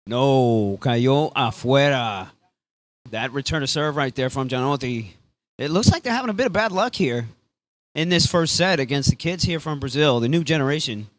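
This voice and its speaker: A man calling a beach tennis match live, casual and excitable, dropping Spanish phrases into his play-by-play. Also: medium pitch, moderate pace, no echo. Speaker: sports commentator.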